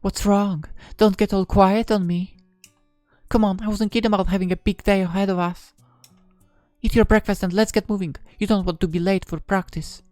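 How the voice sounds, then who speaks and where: A man's voice: sits high, steady tone, moderate pace, a little mellow, no room sound, soft background music, voice pushed up, natural voice. A man voicing a cheerful, cheeky young woman mage in a visual novel, reading her lines in a teasing, playful way.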